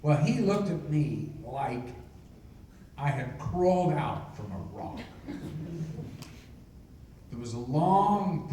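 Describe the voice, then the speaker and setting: Older male raconteur, guest at a convention, acts out voices; recorded far off in an echoey hall with faint room noise. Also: mid-range voice. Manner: lively raconteur who acts out others' lines. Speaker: interview guest, actor. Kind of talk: anecdotal storytelling.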